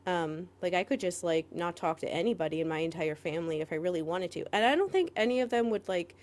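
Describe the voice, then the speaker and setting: Rambling woman with a lowish voice. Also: lively intonation, fast talker, darkish tone. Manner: rambling, heavy filler "like", frequent laughs. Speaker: podcast co-host. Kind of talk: casual chat.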